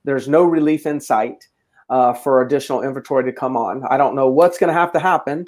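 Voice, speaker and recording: With a medium-pitched, slightly mellow voice and a fairly quick delivery, a realtor co-host of a real estate show casually weighs in on the market, repeatedly restarting what he's saying.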